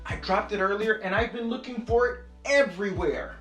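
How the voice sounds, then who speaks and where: A man hosting a children's art show, friendly and expressive as he tells a story. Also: sits high, fairly quick. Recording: echoey room with music.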